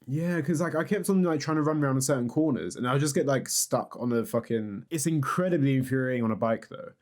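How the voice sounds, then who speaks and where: A man's voice: mid-range voice, a little fast, darkish tone. A man, co-hosting a podcast in casual chat, who laughs often and swears now and then. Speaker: podcast co-host.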